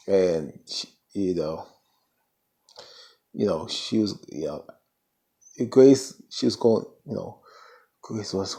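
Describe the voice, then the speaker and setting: A man casually recapping a TV episode in an animated, slangy way, full of playful asides. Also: sits low, slow, pauses often. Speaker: TV recap vlogger.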